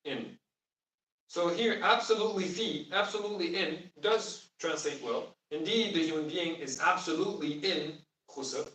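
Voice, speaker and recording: Speaking at a moderate pace, this man's voice sits on the high side with a fairly bright quality. He's giving a class on the Arabic of the Quran, patiently explaining and quizzing the students, and the sound is distant and roomy.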